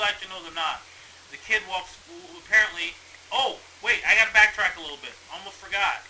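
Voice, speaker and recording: A man hosting a casual movie review chat, rambling and animated as he retells the plot with lots of swearing. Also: on the high side, a little hiss or hum, low-quality recording. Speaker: movie review show host.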